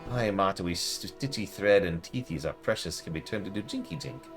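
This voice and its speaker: A man's voice: fairly low pitch, expressive, brisk, creaky, soft background music, voice pushed up. A man voicing a batty old female seamstress who strips corpses, crooning and repeating her words in a sing-song way. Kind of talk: reading game dialogue aloud.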